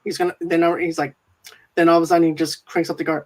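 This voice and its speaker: A man's voice: fairly high pitch, level tone, fast talker. A man hosting a podcast, chatting casually about a movie and retelling scenes in a rambling way with filler phrases. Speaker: podcast host. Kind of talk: casual movie review chat.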